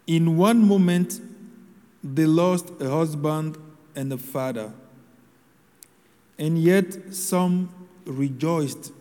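A preacher delivers a slow, measured homily, leaving solemn pauses between phrases. His mellow voice sits high for a man, and a long reverb makes his words ring out as if in a large hall.

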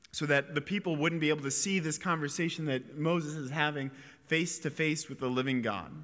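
Here a man's voice, on the high side and sharp in tone, carries an earnest and reflective sermon through a chapel's long echo. He is a priest or preacher, and he stops and restarts as he speaks.

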